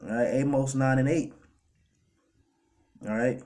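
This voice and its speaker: A man preaches a loose, street-style sermon over clips, reading scripture aloud and repeatedly tacking on "all right" and "man." His mid-range voice is a little mellow and fairly quick, with long pauses.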